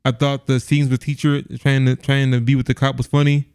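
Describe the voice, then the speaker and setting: A man's voice: medium pitch, little pitch movement, brisk, darkish tone, clean tone, no room sound, studio quality. A man co-hosting a casual movie review podcast, rambling with lots of restarts and laughs. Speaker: podcast co-host.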